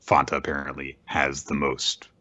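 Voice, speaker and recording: A man co-hosting a casual manga podcast, adding quick reactions and asides. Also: a bass voice, completely flat delivery, pushed and bright, lo-fi sound. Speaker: podcast co-host. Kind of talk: casual manga recap chat.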